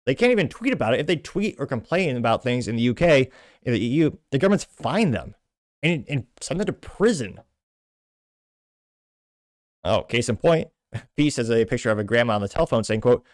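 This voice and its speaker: Male podcast host, mid-range voice, quick scornful delivery, dry booth sound. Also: medium pitch, very animated, dry recording. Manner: brisk, scornful commentary between read-out quotes. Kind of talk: reading out and commenting on social media posts.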